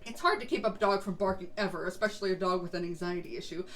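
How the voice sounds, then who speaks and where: A woman's voice: lowish voice, fast, a bit bright. A woman streamer chatting casually while she plays a game, rambling a little and laughing often. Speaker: VTuber streamer. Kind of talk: casual chat while gaming.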